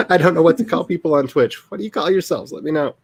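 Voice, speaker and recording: A rambling, chatty man with a drawl, in his fifties and talking casually to a livestream audience. His pitch swings widely as he goes. The sound is close and dry, with no room echo. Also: animated, quick pace, creaky, breathy edge. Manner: rambling and chatty, laughing often. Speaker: author and streamer.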